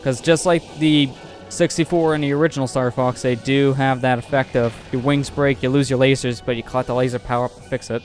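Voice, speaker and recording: Fast-talking man explaining a game. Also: medium pitch, fairly even intonation, darkish tone, soft background music. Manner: explanatory, knowledgeable. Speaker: let's play host. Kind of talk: casual gameplay commentary.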